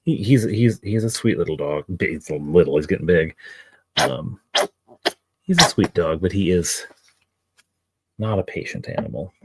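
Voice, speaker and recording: A man's voice: sits low, lively intonation, a little slow, long pauses, very noisy. A middle-aged man streaming his miniature painting, chatting in a rambling way with his viewers and his dog. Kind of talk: casual live-stream chat.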